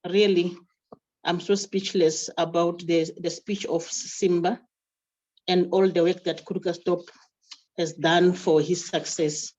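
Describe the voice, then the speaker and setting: A woman's voice: lowish voice, flat delivery, slow pace, darkish tone, highs cut off. A woman chairperson at a library event, emotional, reciting a poem in rhythmic repeated phrases. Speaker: branch chairperson.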